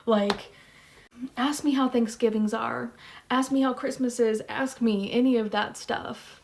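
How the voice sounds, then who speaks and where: A woman's voice: on the high side, fairly even intonation, a little slow, creaky, a little mellow. A woman in her thirties telling a personal story to camera in a chatty, blunt, slangy way. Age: 30s. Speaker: vlogger.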